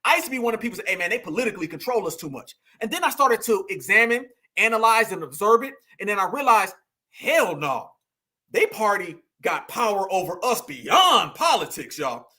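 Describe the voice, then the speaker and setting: A man with a strikingly high, bright and forceful voice, preaching his political commentary with heat. He hammers points home through repetition and keeps calling out to his audience directly. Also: very animated, moderate pace. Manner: preachy, emphatic, repeats lines for effect, addresses listeners as y'all. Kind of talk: impassioned political monologue.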